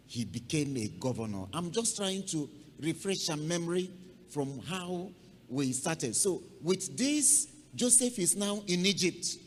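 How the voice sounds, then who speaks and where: Dramatic preacher, lively pitch. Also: male voice. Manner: dramatic storytelling, acting out the scene. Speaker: pastor. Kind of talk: sermon. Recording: long hall reverb, faint noise.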